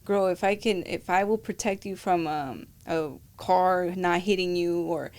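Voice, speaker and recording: A woman's voice: fairly low pitch, steady tone, a little slow, a little mellow. A woman who is a podcast guest in casual chat, telling stories and acting out quoted dialogue.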